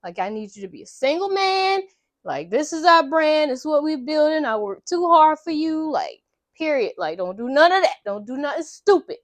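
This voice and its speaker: A woman's voice: high-pitched, very animated, normal speed, no echo. A woman voicing a pushy male movie manager who lays down strict rules in a bossy, slangy way. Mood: stern.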